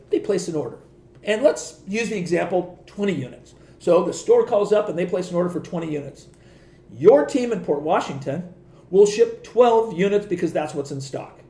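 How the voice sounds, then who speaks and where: A middle-aged man telling stories on a podcast in a casual, animated way, laughing often and acting out the voices of the people he quotes. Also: high voice, roomy sound. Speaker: podcast guest. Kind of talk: casual storytelling.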